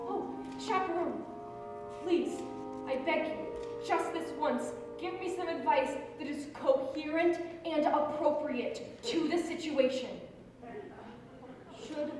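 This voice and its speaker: A dramatic young showgirl bride, breathless and high-pitched. Heard from far off across a reverberant theatre, with loud music underneath. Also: slow, pauses often. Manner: breathless and melodramatic. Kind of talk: stage musical acting. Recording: echoey theatre stage with music, mics far off.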